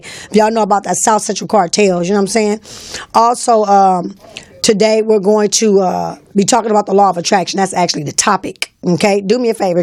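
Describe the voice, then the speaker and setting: Speaking into a studio mic in a dry recording, this woman runs a live call-in show in a casual live-stream style. Her medium-pitched, darkish voice comes out bossy, teasing, and slangy.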